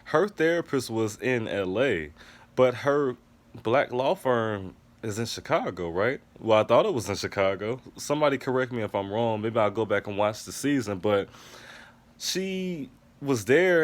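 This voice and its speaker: A man giving a casual TV episode review, ranting emphatically with a lot of profanity. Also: medium pitch. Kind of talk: casual recap and review monologue.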